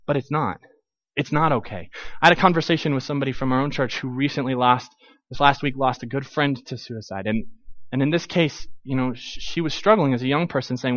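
A man preaching a conversational sermon as a pastor, animated, acting out quoted voices with frequent restarts. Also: a little high, brisk, dry recording, muffled recording.

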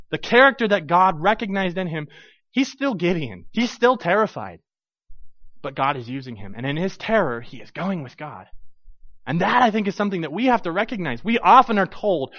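A man's voice: high-pitched, very animated, a little fast, fairly bright tone, dry recording. A man teaching a Bible passage in a chatty sermon style, with many asides and restarts. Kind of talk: conversational sermon commentary. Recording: dull lo-fi recording.

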